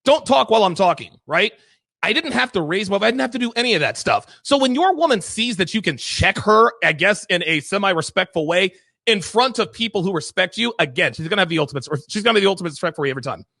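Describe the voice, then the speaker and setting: A man's voice: high-pitched, sing-song, quick pace, gravelly, bright, forceful tone, no echo. A man hosting a talk show, telling stories in a blunt, emphatic, profane way. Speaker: podcast host. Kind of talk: casual chat.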